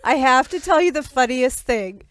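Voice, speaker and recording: A woman's voice: high voice, normal speed, a little hiss or hum. A woman co-hosting a casual podcast, telling stories with lots of giggling. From United States. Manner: giggly, animated storyteller. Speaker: podcast co-host.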